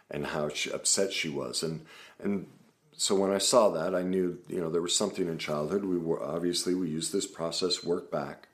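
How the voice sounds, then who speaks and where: A man with a very low voice speaks in a relaxed, casual way straight to the camera. He sounds like a therapist, earnest and explaining things step by step.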